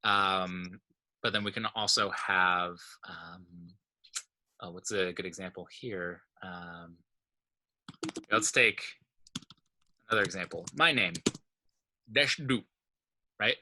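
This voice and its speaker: A man's voice: low-pitched, slow pace, pauses often, pushed and bright. A man teaching a language class, explaining step by step and often checking in with his students. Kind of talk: informal online class lesson.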